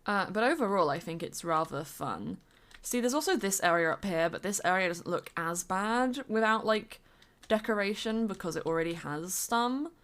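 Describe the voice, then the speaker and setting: Woman streamer, chatty and rambling, animated pitch, middle register. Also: moderate pace. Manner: lively and rambling, with fillers and bits of humming. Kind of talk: casual chat while building in a game.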